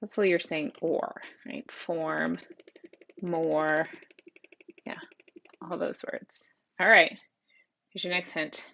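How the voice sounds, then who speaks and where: A woman's voice: on the low side, steady tone, a little slow, pauses often, bright, forceful tone. A woman teacher giving an upbeat, encouraging spelling lesson to children, on a dull lo-fi home recording. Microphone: tablet microphone.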